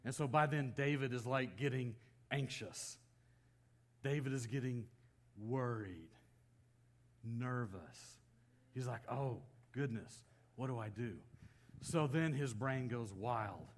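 A man preaching a sermon, retelling a story with lively quoted voices that rise and drop sharply. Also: slow, long pauses. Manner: storytelling, acting out quoted lines with swings of pitch and loudness. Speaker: pastor.

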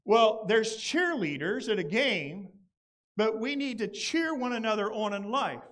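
A man preaching a sermon to his congregation, animated and playful, sometimes putting on voices when quoting. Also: sits high, measured pace. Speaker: pastor. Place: church gathering outdoors.

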